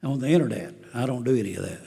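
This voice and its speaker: Racing through his personal testimony, a man in his 70s recounts his life to a recovery meeting with folksy dry humor, chuckling at his own jokes. His medium voice is creaky and mellow with a breathy edge, and the recording has a big-room sound.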